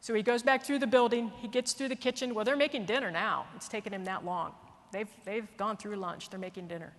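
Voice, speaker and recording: A woman military leader telling a story in an earnest, animated way, speaking at a conference. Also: medium pitch, fairly quick. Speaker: military leader giving a speech. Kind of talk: storytelling speech. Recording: long reverb of a large hall.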